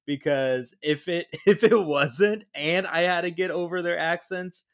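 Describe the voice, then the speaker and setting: A man's voice: a little high, a little slow. A man co-hosting a podcast, animatedly retelling movie scenes and laughing as he quotes them. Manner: animated storytelling, laughs while quoting lines. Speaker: podcast co-host. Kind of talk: casual movie review chat.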